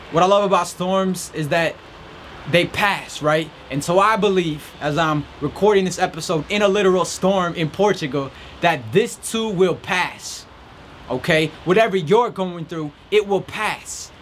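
A high-sitting male voice is heard with slight background noise. The podcast host stands outdoors in a storm, rain and faint music around him, offering a preachy, upbeat faith-based pep talk with occasional mock reporter impressions.

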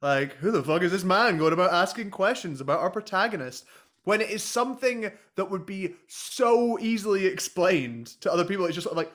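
This is a man on a comedy podcast who rants at the book being read, swearing and mocking. His voice sits high and swings widely as he talks. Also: animated, fairly quick, a bit bright. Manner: exasperated, swears often, mocking. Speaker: podcast co-host. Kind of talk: casual comedic chat.

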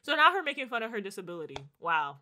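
Young DC-woman co-host, bright edge, blunt and opinionated, casual slangy chat. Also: on the high side, big pitch swings, quick pace. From DC–Maryland–Virginia area. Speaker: podcast co-host.

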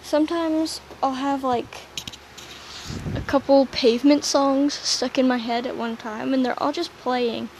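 A young woman hosts a solo podcast in a high, unhurried voice. She rambles playfully and mocks herself, and her loudness jumps up and down. A faint hiss sits under the recording. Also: fairly even intonation, poor audio. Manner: playful, rambling, self-mocking, sudden shifts in loudness. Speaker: podcast host.

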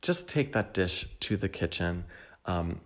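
A man with a low voice hosts a solo podcast in casual, unscripted talk. He rambles candidly, often restarting and stuttering through his sentences, with a self-deprecating, confiding manner. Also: lively intonation, measured pace, fairly bright tone. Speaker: podcast host.

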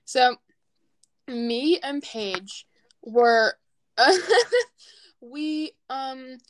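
A woman's voice: sits high, animated, drawn-out words, fairly bright tone. A teenage girl co-hosting a podcast, rambling and giggly, full of fillers. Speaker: podcast co-host. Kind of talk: casual chat.

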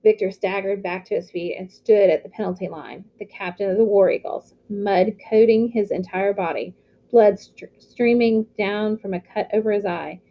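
A woman reading a novel aloud with steady storytelling. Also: medium pitch, moderate pace, dull audio. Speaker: audiobook reader.

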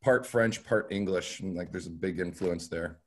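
A man, a comedian guest, chatting casually on a podcast and explaining things in a relaxed, rambling way. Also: low voice, normal speed, slight background noise. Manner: relaxed, filler-heavy storytelling.

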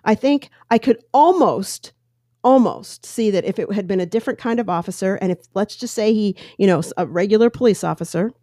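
A woman's voice: medium pitch, brisk, mellow, no echo, studio quality. A woman hosting a solo podcast, telling a news story and giving her opinions in a rambling, self-correcting way. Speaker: podcast host. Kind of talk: casual solo podcast commentary.

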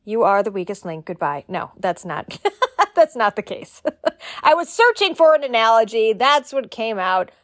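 A woman's voice: medium pitch, no echo, clean studio sound. A woman talking solo as a publishing coach, chatty and joking, with playful asides. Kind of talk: solo podcast talk.

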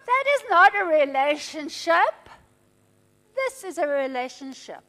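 A middle-aged woman preaching with a very high, bright-toned voice. She delivers emphatic, animated declarations and then falls to soft, intimate passages. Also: unhurried. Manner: animated, emphatic, swings between loud and hushed. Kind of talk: sermon.

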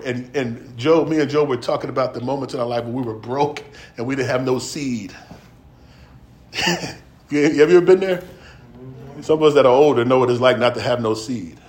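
A middle-aged man preaching a sermon, moving between slow scripture reading and quick, folksy stories broken up by laughter. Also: medium pitch, darkish tone. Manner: reads scripture slowly, then tells stories quickly and laughs; folksy and conversational with slang.

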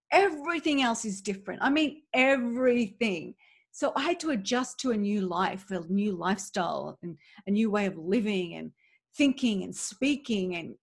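A woman's voice: on the high side, breathy edge. A woman in her forties from Australia with an Australian accent, hosting a podcast in a candid, chatty motivational monologue full of "like" and "right?". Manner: open, chatty, many "like" and "right?". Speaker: podcast host.

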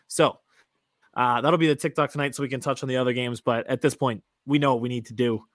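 A man's voice: medium pitch, fairly even intonation, fast, dry recording, studio quality. Laid-back teasing male podcast host. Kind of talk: casual sports chat.

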